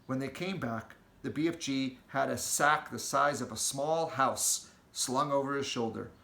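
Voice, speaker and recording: A man reading a children's storybook aloud with an expressive, storytelling delivery, in an echoey room. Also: mid-range voice, unhurried, creaky. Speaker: audiobook reader.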